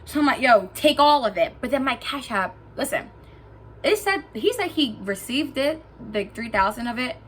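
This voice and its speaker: A young woman telling a storytime vlog, lively and swearing freely, acting out what people said to her. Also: high-pitched, normal speed, slight background noise. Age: young adult. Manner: animated, swearing, acts out quotes. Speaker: vlogger. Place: indoors, lying down at home.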